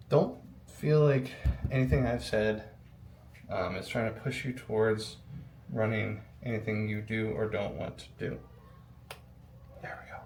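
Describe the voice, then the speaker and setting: With a voice on the low side and a little mellow, a young adult PC builder vlogger rambles casually during a build, saying um a lot and swearing now and then. The echoey room has faint ambience, with slight background noise.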